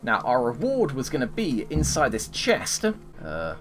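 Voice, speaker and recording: Lively-voiced man muttering over a game. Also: medium pitch, normal speed, faint music behind. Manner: mutters asides and talks back to game characters. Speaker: gaming streamer. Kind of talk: let's play commentary.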